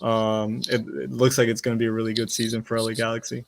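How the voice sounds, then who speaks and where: This is a man giving his take on a soccer chat show. He speaks in an even, level tone with little melody, and he hedges with fillers and false starts as he goes. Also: mid-range voice, quick pace, creaky. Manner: hesitant, many fillers and restarts. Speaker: soccer podcast panelist. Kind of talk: casual chat.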